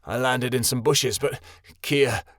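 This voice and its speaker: Broken, remorseful husband and father, in the narrator's own range; pleading, low-key. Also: fairly even intonation, slow, fairly bright tone, no room sound, studio quality.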